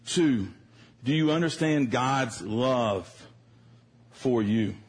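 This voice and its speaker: A man preaching a sermon in a church service, telling a personal story in a conversational, animated way. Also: medium pitch, drawn-out words, husky.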